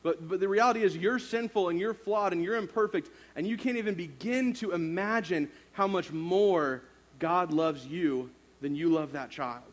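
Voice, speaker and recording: A man's voice: high voice, moderate pace. A man in his thirties, a youth pastor, preaching a sermon through a casual personal story full of fillers.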